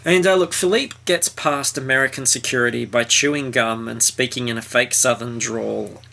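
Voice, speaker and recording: A man's voice: medium pitch, normal speed, creaky, sharp tone. A man hosting a casual podcast, recapping a book in a wry, mocking way. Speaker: podcast host.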